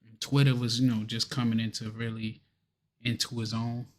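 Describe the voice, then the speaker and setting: A man's voice: mid-range voice, flat delivery, moderate pace, darkish tone. Laid-back slangy male co-host. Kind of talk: casual chat.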